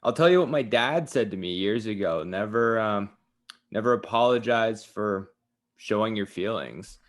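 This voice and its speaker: A man's voice: lowish voice, moderate pace. A male Canadian radio host chatting with a guest, earnest and enthusiastic, often turning to speak to the listeners. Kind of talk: radio interview chat. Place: radio studio.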